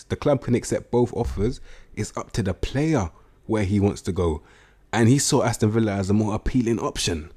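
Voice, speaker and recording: A young man talks through a football management game in a casual, slang-heavy way. His voice sits on the low side, and he is blunt and quick to swear. He bursts into excited outbursts now and then. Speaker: gaming YouTuber. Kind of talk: casual video game commentary.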